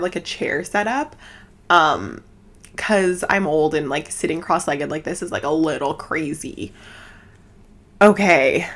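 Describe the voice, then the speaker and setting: A woman from Canada hosting a casual chat podcast at home, giggly and rambling, talking fast with lots of fillers. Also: on the low side, fairly bright tone. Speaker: podcast host. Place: home setup, seated cross-legged.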